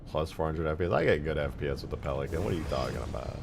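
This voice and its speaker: A man's voice: a bass voice, racing, vocal fry, noisy background. A young man chatting casually and playfully as he works on a game mod, reading viewer messages aloud and joking along. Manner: animated, joking, casual swearing. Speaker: game modder and streamer.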